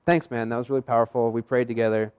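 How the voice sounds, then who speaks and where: A young man delivers a sermon as a running story, chatty and easygoing. He slips into other people's voices when he quotes them. His pitch sits in a plain middle range. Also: little pitch movement, fast, clear, resonant tone, phone-quality sound. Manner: conversational, acts out quoted dialogue. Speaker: pastor.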